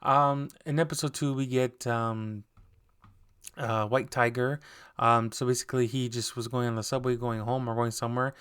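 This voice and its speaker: A man's voice: mid-range voice, fairly even intonation, moderate pace, fairly bright tone, clear, resonant tone. A man hosting a podcast, recapping TV episodes in a loose, rambling way with lots of fillers and restarts. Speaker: podcast host.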